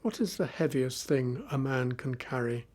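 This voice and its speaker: A man's voice: mid-range voice, moderate pace, darkish tone, close to an everyday voice. A man reading the part of a clever, firm young bride in a storybook. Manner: firm, questioning.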